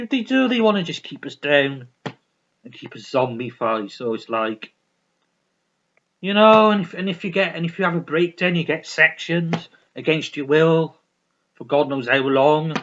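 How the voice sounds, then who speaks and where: A man's voice: on the high side, animated, moderate pace, a bit bright, lo-fi sound, slight background noise. A man vlogging in a heated, swearing rant full of restarts. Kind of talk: ranting vlog monologue.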